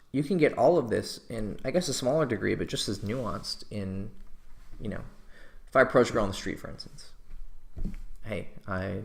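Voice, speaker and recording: Male dating coach, low gravelly voice, passionate, curses freely. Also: a bit bright. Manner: passionate, swears casually, acts out sample pickup lines. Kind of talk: instructional talk to camera.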